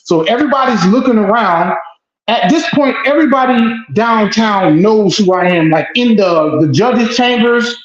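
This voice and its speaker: High-voiced man telling his story. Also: normal speed. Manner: animated storyteller who repeats phrases and swears. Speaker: guest. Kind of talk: emotional first-person account. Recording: echoey dull lo-fi room.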